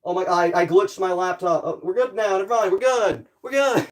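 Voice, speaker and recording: A young man chatting casually on a livestream, rambling and playful, full of "like" fillers. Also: high-pitched. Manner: rambling and playful, many "like" fillers, quick bursts. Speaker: streamer.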